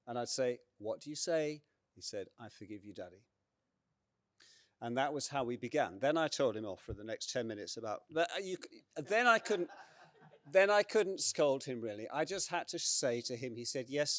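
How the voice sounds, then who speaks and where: A middle-aged man from England speaking earnestly on a conference panel, halting often with fillers and repeated words. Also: medium pitch, dry recording, clean studio sound.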